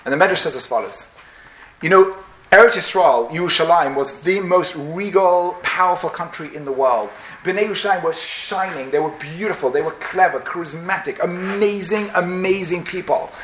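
A man's voice: high voice, moderate pace, fairly bright tone, slight background noise. A man preaching a sermon as a rabbi, telling a story with emphatic, dramatic swings. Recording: echoey room.

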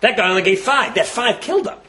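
A man giving a fast, lively sermon-style talk and acting out the people in his stories. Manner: acts out characters with big swings in pitch and loudness; fast-talking. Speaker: religious speaker.

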